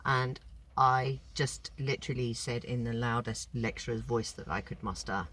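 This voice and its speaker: A woman chatting casually and telling stories with animated indignation. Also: a bass voice, moderate pace. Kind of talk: casual chat.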